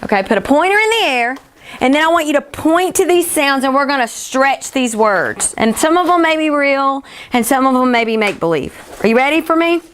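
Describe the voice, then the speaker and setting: A woman teacher leading a classroom phonics lesson, encouraging and stretching sounds out slowly. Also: sits high, animated, fairly bright tone.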